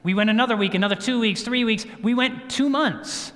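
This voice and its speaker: A man giving a health talk at a church, telling a story in an animated way and acting out what people said. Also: extremely high pitch, brisk. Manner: storytelling, animated, acts out quotes. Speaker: guest speaker. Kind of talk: sermon-style health talk. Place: church sanctuary. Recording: church hall reverb.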